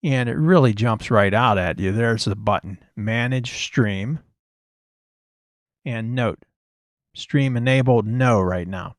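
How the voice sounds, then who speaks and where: A male course instructor giving a recorded technical lecture in a steady, explanatory way and stressing key points again and again. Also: mid-range voice, takes it slowly, no echo, studio quality.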